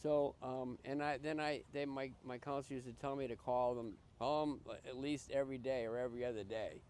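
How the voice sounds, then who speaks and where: An older man, a guest on a podcast, recounts his past with earnest feeling. His speech stops and restarts, doubling back on words as he searches for them. His voice sits at an ordinary pitch for a man, with a faint hiss of background noise. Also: steady tone, a little fast, darkish tone. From Massachusetts. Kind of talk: personal life story in conversation.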